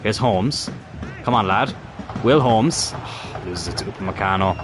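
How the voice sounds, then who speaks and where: A man's voice: on the low side, a little slow, background noise. A man commentating his own football game as he plays, exasperated and swearing, urging on his players. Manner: frustrated, swearing, talks to the players on screen. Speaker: gaming YouTuber playing a football career mode. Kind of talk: live gameplay commentary.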